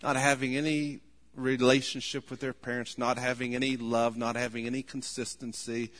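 A man's voice: mid-range voice, flat delivery, normal speed. Earnest preaching man in a reverberant hall. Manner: earnest, rises to loud pleading when quoting. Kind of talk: sermon.

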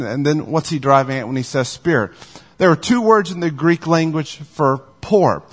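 A man preaching a sermon as pastor, earnest and repetitive, slowing down to stress the lines he quotes. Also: on the high side, big-room sound.

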